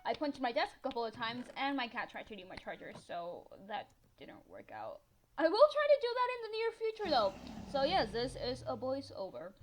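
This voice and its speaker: A teenage girl from northern Mexico, chatty and excitable, telling a story as a gaming voiceover, swearing freely and laughing often. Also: high voice, fairly quick, music in the background. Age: teens. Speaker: gaming vlogger.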